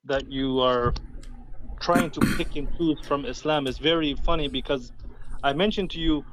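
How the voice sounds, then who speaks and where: A man's voice: a little high, moderate pace. Objecting man with faint noise behind. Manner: objecting, interrupting. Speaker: debate guest. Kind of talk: heated religious debate.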